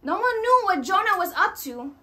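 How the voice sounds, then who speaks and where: A woman preaching a sermon, animated and acting out quoted voices as she addresses the congregation. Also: extremely high pitch, normal speed.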